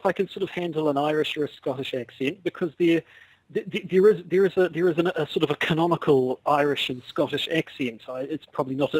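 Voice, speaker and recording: A man's voice: a little high, husky, no echo, poor audio. A man co-hosting a podcast over a video call, wry and rambling, often restarting his sentences. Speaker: podcast co-host. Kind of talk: casual chat over a call.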